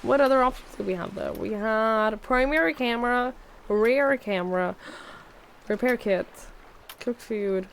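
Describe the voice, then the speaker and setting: A woman's voice: a little high, a little slow, gravelly, slight background noise. A woman streamer with a sick voice, chatting casually and swearing while playing a game. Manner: chatty, swearing, self-mocking. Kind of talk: casual gameplay commentary.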